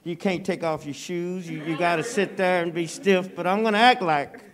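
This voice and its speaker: A man's voice: sits high, normal speed. A man preaching as a guest in a church, folksy and conversational with frequent stammered repeats. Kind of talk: Baptist sermon. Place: church sanctuary.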